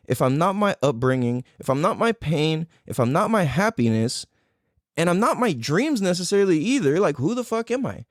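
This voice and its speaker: A man's voice: on the high side, no room sound, clean studio sound. A man hosting a podcast and telling a personal story in a loose, profane way, full of "like" and "dude". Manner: animated, reenacting his own past reactions. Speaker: podcast host.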